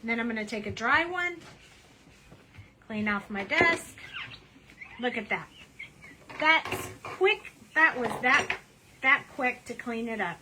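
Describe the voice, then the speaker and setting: A woman's voice: fairly high pitch, animated, measured pace, long pauses, background noise. A woman hosting a casual craft demonstration at her home desk, chatty and cheerful as she narrates each step. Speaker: craft tutorial host.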